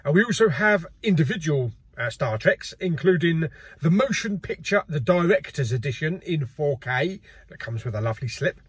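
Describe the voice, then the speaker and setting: A man's voice: on the high side, expressive, moderate pace, breathy edge, no echo. A middle-aged man, hosting a casual video and chatting in a jokey way with frequent laughs. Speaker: host. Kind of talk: casual chat.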